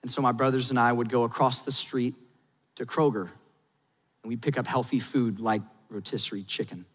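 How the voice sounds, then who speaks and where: A middle-aged man, a pastor, preaching a sermon and telling a personal story candidly, going quiet and soft at sad points and rising to urge his listeners. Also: medium pitch, steady tone, normal speed. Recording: long hall reverb.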